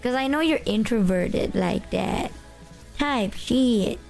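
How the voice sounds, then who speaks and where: A woman's voice: a little high, expressive, slow, creaky, darkish tone, soft background music. A woman streaming, chatting casually in a breezy, matter-of-fact way with frequent giggles. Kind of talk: casual chat.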